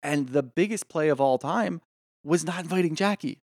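A man co-hosting a casual podcast chat, opinionated and animated, swearing freely. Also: fairly high pitch, normal speed, dry recording, studio quality. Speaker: podcast co-host.

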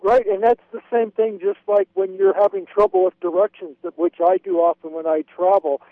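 Calling in to a radio show over a tinny phone line, a Wyoming man eagerly retells a travel story and acts out the quotes. His voice is very high and gravelly, swinging widely in pitch at a normal speed, with no echo.

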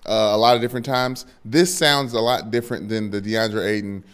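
A man's voice: on the low side, a little fast, fairly bright tone, smooth. A man co-hosting a sports podcast in casual talk, playful and teasing, stammering when he gets defensive.

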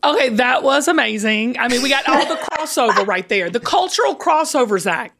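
A woman hosting a podcast, telling stories in an animated, laughing way. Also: a little high, a little fast, gravelly, background noise. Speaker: podcast host. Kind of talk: casual chat.

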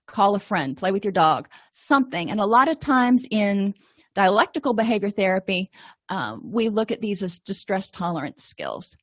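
A woman's voice: mid-range voice, no echo, studio quality. A middle-aged woman therapist teaching a skills lesson in a conversational, explanatory way with casual asides. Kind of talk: lecture.

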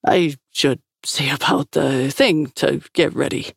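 A woman's voice: sits low, slow pace, creaky, breathy edge, no room sound, clean studio sound, full character voice. A woman voicing an eager, boyish young man who gets flustered easily.

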